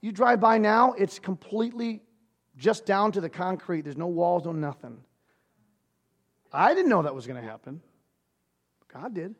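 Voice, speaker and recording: A male pastor in his thirties preaching a sermon, swinging from loud, animated passages to hushed, near-whispered ones. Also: high voice, moderate pace, long pauses.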